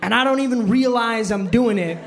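A man's voice: extremely high pitch, fairly quick, a crowd in the background. A man in his twenties doing a self-deprecating stand-up routine on a club stage, telling awkward stories to a laughing audience. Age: 20s. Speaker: stand-up comedian.

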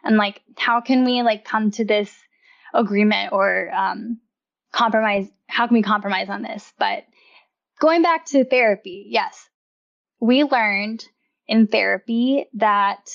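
A woman's voice: medium pitch, creaky, dull audio. A young woman talking casually as a podcast guest, chatty and laughing often, with lots of "like" fillers. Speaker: podcast guest, wellness writer. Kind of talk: casual interview chat.

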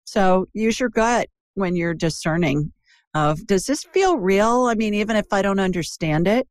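A woman's voice: mid-range voice, normal speed, dry recording. A woman from Ohio hosting a call-in show, chatty and digressive, talking to a caller. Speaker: intuitive show host. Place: Birmingham.

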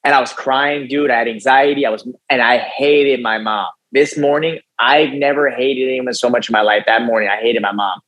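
A young man speaks as a podcast guest, recounting his life story in a loose, conversational way. He keeps it animated and casual, tossing in "dude" and "right?" as he goes. His voice sits in an ordinary middle pitch. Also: moderate pace, hardly any pauses, poor audio. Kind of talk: personal storytelling in an interview.

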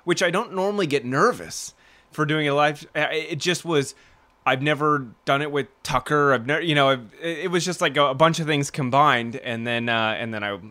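A man's voice: a little high, normal speed, bright, forceful tone. A man co-hosting a podcast in casual chat, rambling with restarts and frequent laughter. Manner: rambling, self-interrupting, laughs often. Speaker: podcast co-host.

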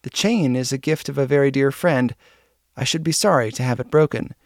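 A man voicing a gentle, kindly elderly bishop who speaks calmly and softly. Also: mid-range voice, dry recording, studio quality, lightly acted. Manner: gentle, measured. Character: gentle elderly male bishop, calm and kind.

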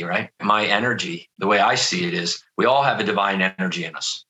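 An earnest middle-aged man recounting a personal story in an interview, with a bright, forceful tone and a somewhat low voice. He talks vividly and keeps restarting his sentences with "you know.". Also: low-quality recording. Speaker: guest telling his near-death story.

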